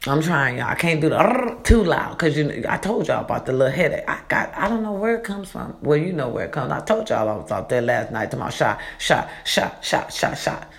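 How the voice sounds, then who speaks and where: A woman's voice: deep voice, sing-song, a little fast, creaky, few pauses. A woman vlogger talking casually in an echoey borrowed room, giving chatty, preachy life advice and calling her listeners baby and y'all. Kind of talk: casual motivational monologue.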